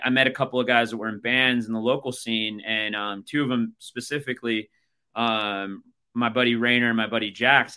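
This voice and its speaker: A man's voice: medium pitch, bright, forceful tone, smooth. A man in his thirties with an American accent, hosting a podcast and telling long, rambling stories full of fillers in casual chat. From United States. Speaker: podcast host.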